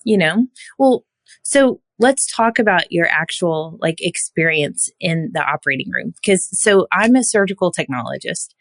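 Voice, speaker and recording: A woman hosts an interview, talking in a relaxed and chatty way full of fillers as she leads into her questions. Her voice sits fairly low, and the sound is dry and close to the mic. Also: moderate pace, dry recording. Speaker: podcast host, surgical technologist. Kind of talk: conversational interview.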